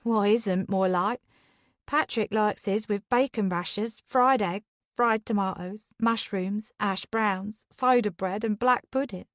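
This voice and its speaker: A woman's voice: mid-range voice, a bit bright, dry recording, clean studio sound, natural voice. A woman voicing a cheery, bantering woman cooking breakfast, in a whispered role-play reading. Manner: brisk and friendly.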